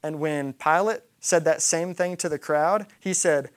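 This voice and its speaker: A man's voice: fairly high pitch, measured pace, fairly bright tone. A man preaching a sermon, retelling a scripture story and acting out the quoted lines. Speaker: pastor.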